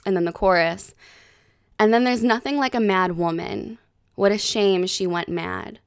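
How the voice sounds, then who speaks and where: Animated, profane woman in her thirties. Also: mid-range voice, a little slow, gravelly, clean tone, no echo, clean studio sound. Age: 30s. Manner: animated, profane, heated storytelling. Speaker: podcast host. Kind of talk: casual chat.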